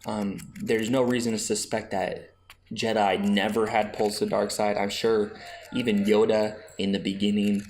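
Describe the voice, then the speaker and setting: A man's voice: lowish voice, little pitch movement, normal speed, a little mellow, slight background noise. A man hosting a podcast, making his case in a chatty, argumentative way with many restarts. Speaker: podcast host. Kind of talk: casual fan discussion.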